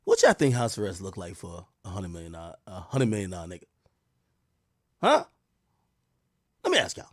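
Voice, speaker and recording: A man hosting a live stream, telling a story in a profane, excitable way that swings from loud outbursts to low mutters. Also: moderate pace, pauses often, no room sound, clean studio sound. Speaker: streamer host.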